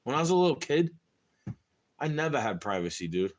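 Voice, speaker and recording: A man's voice: mid-range voice, very animated, brisk. A young man venting in a rambling, casual monologue to camera, frustrated and full of slang. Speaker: vlogger.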